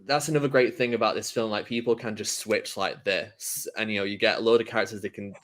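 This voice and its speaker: A man's voice: fairly low pitch, fairly even intonation, quick pace, a bit bright. A young man talking casually and enthusiastically about a film on a podcast, rambling with many fillers. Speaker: podcast host.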